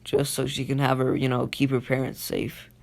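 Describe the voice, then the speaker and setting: A man's voice: mid-range voice, monotone, moderate pace, creaky, lightly acted. A man voicing a sly, teasing male devil in a spoken fan story. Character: smug scheming male devil.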